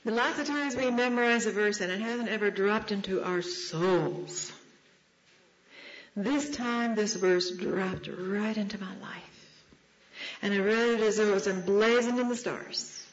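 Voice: medium pitch, measured pace. Storytelling chapel speaker, dull lo-fi sound. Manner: storytelling, shifting pace. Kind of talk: devotional talk. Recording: slightly dull lo-fi recording.

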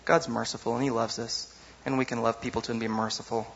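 A man preaching a sermon in a lively, conversational way, often asking the audience "you know?". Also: mid-range voice, quick pace, vocal fry, dull audio, a little hiss or hum.

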